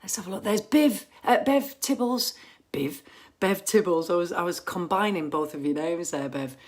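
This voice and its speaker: A woman's voice: lowish voice, normal speed. A woman hosting a casual fan livestream from home on her phone camera, chatty and rambling with lots of ums and restarts.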